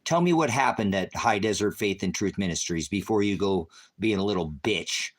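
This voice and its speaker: A man with a very low voice delivers an angry, profane livestream rant as a preacher. He curses and insults constantly and speaks straight at a commenter, and his deep tone stays confrontational throughout. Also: moderate pace. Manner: heavy cursing, insulting and berating. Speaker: online preacher.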